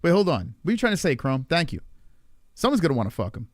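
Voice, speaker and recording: A man hosting a livestream, loud and profane, reacting to a clip and talking to his chat. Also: fairly high pitch, very animated, fast talker, no echo, clean studio sound. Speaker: livestream host. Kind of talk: casual livestream commentary.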